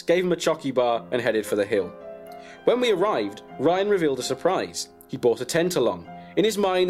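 A man narrating a comic story in a deadpan way, chuckling at his own jokes. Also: mid-range voice. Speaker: comedian storyteller.

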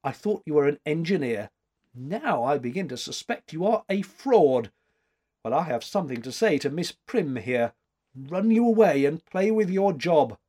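A stately, sharp-tongued old woman painter in a storybook reading, her voice lifted a little and delivered with dry, teasing precision. She sounds slightly husky, as a man puts her on. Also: fairly high pitch, sing-song, moderate pace, voice pushed up. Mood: wry.

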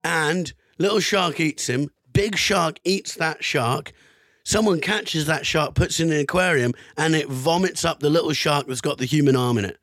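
A man's voice: a little high, moderate pace, fairly bright tone, no echo. Guy on a podcast reading out a weird old news story, swears a bit, dead dry sound. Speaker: podcast co-host. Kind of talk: casual chat, reading out history.

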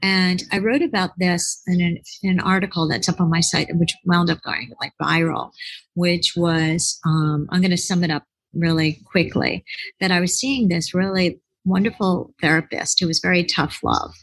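Husky, low-pitched woman telling a rambling story. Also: normal speed, dry recording, low-quality recording. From United States. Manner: rambling, animated, acts out quoted voices. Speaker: author and relationship expert, podcast guest. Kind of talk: casual interview storytelling.

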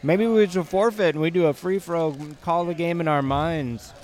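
A man co-hosting a casual podcast, tired and joking, full of puns and excitable reactions. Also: a little high, moderate pace. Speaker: podcast co-host. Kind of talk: casual banter.

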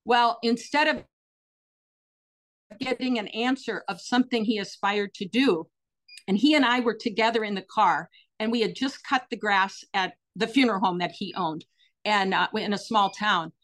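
A middle-aged woman, a guest telling personal stories in an interview, earnest and animated with frequent fillers. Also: medium pitch, moderate pace. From United States.

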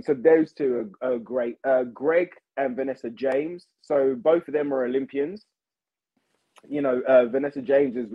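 A man chatting as a podcast guest, animated and repeating himself, calling people mate and bro. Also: medium pitch, creaky, lo-fi sound. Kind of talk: casual chat.

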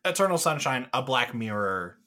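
Man, young adult, podcast co-host, casual chat, rambling, enthusiastic, fillers, bright voice. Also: mid-range voice, big pitch swings, moderate pace.

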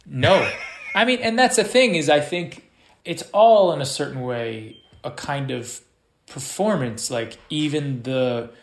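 A man who is a guest actor, talking casually and halting often as he searches for words. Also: a little high, a little hiss or hum. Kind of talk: casual conversation. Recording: roomy echo.

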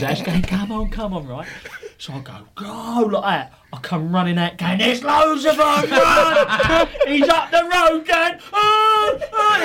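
A high-voiced man tells an anecdote with lots of laughter, voicing each character himself. Clicking noise sits clearly behind his voice. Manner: animated, laughs through his story, acts out others' lines. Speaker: podcast panelist telling a story. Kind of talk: casual anecdote telling.

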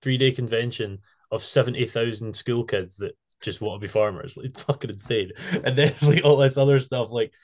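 Animated podcast host. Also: male voice, medium pitch, fairly quick, hardly any pauses. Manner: animated storyteller, laughs a lot, loose phrasing. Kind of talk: casual chat.

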